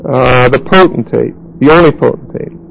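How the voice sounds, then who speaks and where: A man teaching a Bible lesson, explaining Greek grammar deliberately and spelling out words as he writes them on a board. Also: mid-range voice, gravelly, a bit bright, slight background noise, low-quality recording. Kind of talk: Bible study lecture.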